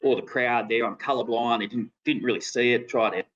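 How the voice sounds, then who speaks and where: A man's voice: medium pitch, steady tone, fairly quick, fairly bright tone, lo-fi sound. A middle-aged Australian man, a former cricketer and podcast guest, telling a story casually with restarts and laughter. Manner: rambling with restarts, laughing at his own story.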